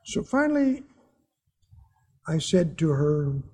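A man's voice: on the high side, very animated, takes it slowly, warm tone, slightly rough. A man preaching a sermon to his congregation, telling personal stories in an earnest way and chuckling at his own anecdotes.

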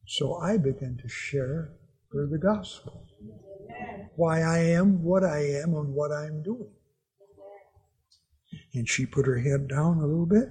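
A man's voice: on the high side, measured pace, long pauses, darkish tone, husky. A man preaching a sermon to his congregation, telling personal stories in an earnest way and chuckling at his own anecdotes.

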